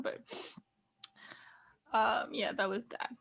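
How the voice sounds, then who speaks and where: Chatty young woman, slightly high voice. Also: normal speed, a bit bright. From Greece. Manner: storytelling with many likes and laughs. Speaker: podcast co-host. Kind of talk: casual chat.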